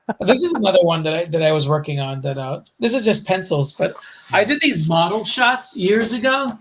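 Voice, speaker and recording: A man's voice: high-pitched, brisk, slight background noise. A man with a Bronx accent, a comic creator, chatting casually and telling rambling stories full of fillers. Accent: Bronx New York. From the Bronx, New York. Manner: rambling, animated storytelling with frequent fillers and laughs. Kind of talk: casual chat.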